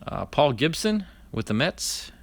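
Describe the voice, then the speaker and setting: A man's voice: a little high, very animated, unhurried, creaky, slightly rough. Man casually reading off baseball cards. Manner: chatty, reads card names aloud in a running list; talks to live viewers by name. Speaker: card-opening vlogger. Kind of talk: casual card-opening commentary.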